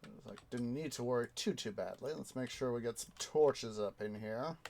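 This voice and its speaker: A man's voice: mid-range voice, normal speed, gravelly, a little mellow. A young man hosting a gaming channel, chatting casually while he plays, rambling and hesitant with lots of fillers. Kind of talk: casual gameplay commentary.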